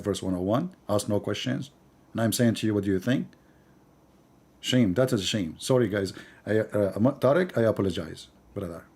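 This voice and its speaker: A man's voice: lowish voice, vocal fry, husky. Mocking male live-stream host. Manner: mocking, animated, with sudden drops to a mutter.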